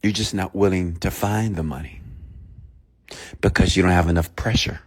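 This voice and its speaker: Emphatic low-voiced motivational preacher. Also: male voice, normal speed, slightly rough. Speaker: motivational speaker. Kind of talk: motivational sermon.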